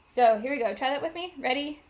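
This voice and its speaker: A choir director leading vocal warm-ups over a video call, coaching step by step with frequent cues to get ready. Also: female voice, high voice, brisk, a little hiss or hum. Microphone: video call microphone. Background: piano she plays for the exercises.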